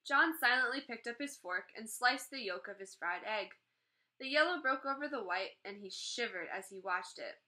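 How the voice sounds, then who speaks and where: A woman reading a children's chapter book aloud, gently voicing the characters as she goes. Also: a little high, animated, moderate pace, poor audio. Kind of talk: read-aloud storytelling.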